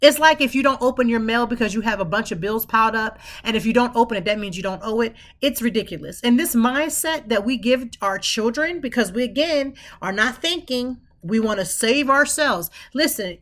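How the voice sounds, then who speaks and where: A woman's voice: on the high side, a bit bright. A woman hosting a podcast, talking in an emphatic, preachy way and repeating phrases for stress. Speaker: podcast host. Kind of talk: impassioned talk.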